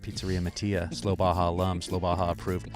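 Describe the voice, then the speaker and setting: A man's voice: deep voice, level tone, a little fast, over music. A man hosting a podcast, chiming in with short, enthusiastic asides during a casual conversation. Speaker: podcast host.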